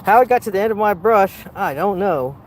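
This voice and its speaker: A man's voice: sits high, lively intonation, brisk, slight background noise. A man, painting outdoors and chatting casually to viewers in a playful, rambling, wry way. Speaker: plein air painter. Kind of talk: casual narration while painting. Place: outdoors in a wildflower field.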